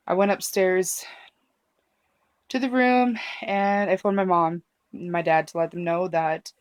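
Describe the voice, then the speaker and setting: A woman telling a personal story to camera in a halting, emotional way, with many fillers and restarts. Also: on the low side, no echo. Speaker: vlogger.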